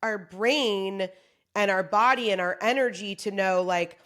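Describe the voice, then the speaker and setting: This is a comedian's pep talk from a woman with a medium-pitched, unhurried voice. Her casual motivational monologue is animated, full of jokes, and liberally sprinkled with profanity.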